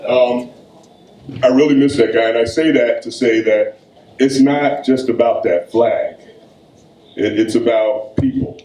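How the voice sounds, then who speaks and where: A man, a poet reading his work at a live event, with slow, weighty delivery and loose conversational storytelling between poems. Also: mid-range voice, mellow. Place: event room. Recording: echoey room.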